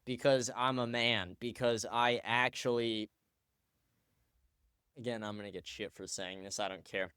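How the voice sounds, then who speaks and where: A male host delivers blunt, profane commentary between clips, ranting hard at times. His voice is smooth and resonant at a middle pitch. The sound is dry and close. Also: steady tone, unhurried, pauses often, pushed and bright, no room sound.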